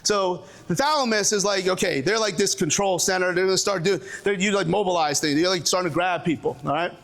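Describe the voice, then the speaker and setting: A man's voice: high-pitched, fairly quick, a bit bright. A man from Brooklyn with a Brooklyn accent, presenting to a live audience, joking and restarting sentences, calling on people in the room. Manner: joking, with frequent restarts and audience call-outs. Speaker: presenter at a coaching seminar. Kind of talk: animated live seminar talk.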